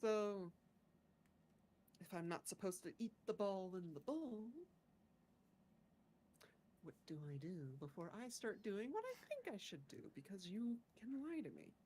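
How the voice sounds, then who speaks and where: A woman voicing a blunt, curious young adventurer woman, speaking in short, plain, deliberate statements. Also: medium pitch, very animated, dark tone, a little hiss or hum. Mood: matter-of-fact.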